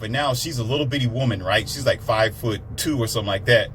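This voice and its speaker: Heated man, preachy ranting monologue, mid pitch, faint background noise. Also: fast, a bit bright. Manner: heated, preachy, swears, mimics others in raised voice. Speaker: commentator.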